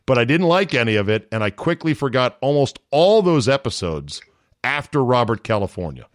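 Blunt, profane podcast host. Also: male voice, medium pitch, a little fast, no echo, clean studio sound. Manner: blunt, profane, animated storyteller. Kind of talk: casual sports talk banter.

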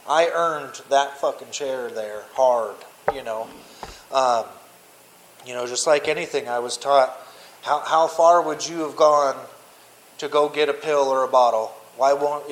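A man, a podcast guest, telling his personal story candidly in blunt, profane words, often restarting and at times speaking low and quiet. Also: poor audio.

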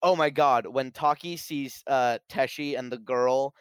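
A man talks excitedly about a film, retelling scene after scene and slipping into little acted-out quotes. His voice is smooth and resonant, at a middle pitch. The sound is dry and close, with no room echo. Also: unhurried. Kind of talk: casual film discussion.

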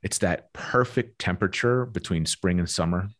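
A man's voice: low-pitched, moderate pace. A young adult man talking frankly and reflectively in a podcast conversation, swearing casually as he goes. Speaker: guest.

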